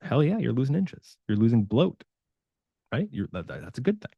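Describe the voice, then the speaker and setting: Animated male fitness coach. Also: medium pitch, normal speed, gravelly, slightly rough, dry recording, dull audio. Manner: animated and conversational, acts out quotes. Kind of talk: casual talk to camera.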